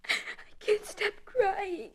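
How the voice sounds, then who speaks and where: Brief: a scared little girl for a radio serial, tiny high voice, slow and tearful. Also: big pitch swings, full character voice. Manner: tearful, halting. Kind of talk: 1950s radio drama acting.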